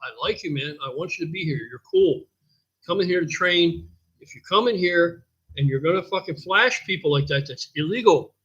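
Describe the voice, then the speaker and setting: A man's voice: on the high side, moderate pace, a bit bright, slightly rough, lo-fi sound. A man casually telling a rambling, profane story on a livestream as a gym owner.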